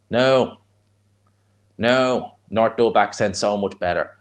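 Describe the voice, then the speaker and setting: A man with a North Dublin accent and a fairly low voice chats through a live fight watch-along. He rambles and restarts his sentences, then breaks into excited reactions to the punches. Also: measured pace. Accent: North Dublin (Fingal). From Ireland.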